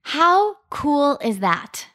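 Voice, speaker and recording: A woman's voice: high-pitched, sing-song, very slow, a bit bright. A young woman co-hosting a chatty podcast, telling an upbeat story and reading out marketing details. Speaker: podcast co-host. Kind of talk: casual chat.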